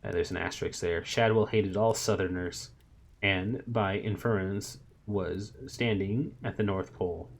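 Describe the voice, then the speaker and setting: A man casually reading a novel aloud on a stream, stopping for relaxed, amused asides. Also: low-pitched, a little slow, vocal fry. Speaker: story reader and streamer.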